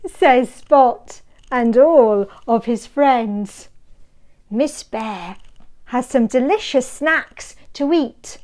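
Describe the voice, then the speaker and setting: A woman's voice: a little high, drawn-out words. A woman reading a children's picture book aloud in a sing-song way, asking her young listeners questions as she goes. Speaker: storyteller.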